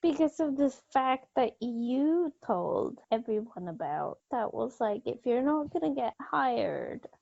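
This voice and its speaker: A woman's voice: on the high side, big pitch swings, measured pace, vocal fry, hardly any pauses, dark tone, no room sound, muffled recording. A woman co-hosting a podcast in casual chat, playful and laughing easily. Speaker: podcast co-host.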